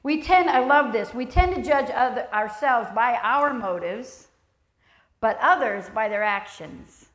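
A woman preaching a sermon in a church, emphatic and lively, acting out the voices of the people she quotes. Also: on the high side, unhurried. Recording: echoey church hall.

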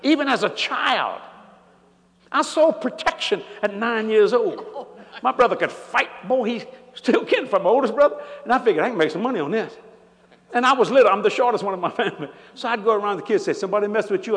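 A man's voice: high-pitched, lively intonation, fast, a bit bright. An older man preaching a sermon, telling stories animatedly and laughing along as he goes. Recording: church hall reverb.

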